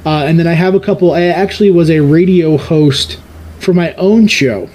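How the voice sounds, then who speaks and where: A man's voice: fairly high pitch, moderate pace, a little mellow, poor audio. A man in his thirties with a subtle New York accent, chatting casually as a podcast guest, rambling with frequent restarts. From New York area, outside the city. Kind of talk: casual chat.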